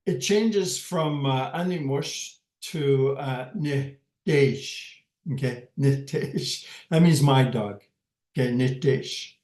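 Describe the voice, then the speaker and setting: Slow, hesitant male language teacher. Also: medium pitch, darkish tone. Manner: hesitant, many pauses and fillers, repeats words. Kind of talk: slow, patient language lesson. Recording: roomy echo.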